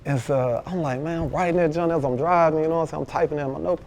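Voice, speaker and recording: A man with a Memphis accent, a rapper telling a story in a casual interview, animated and full of slang, acting out what others said. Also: on the high side, fast, slight background noise. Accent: Southern US, Memphis. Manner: animated, slangy, acts out quoted dialogue. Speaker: rapper guest.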